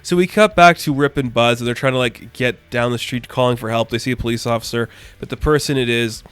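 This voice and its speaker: A man's voice: medium pitch, a little fast, a bit bright, clear, resonant tone, no echo. Enthusiastic man rambling through a comic review. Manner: enthusiastic, rambling with many "like" fillers. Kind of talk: casual spoken review.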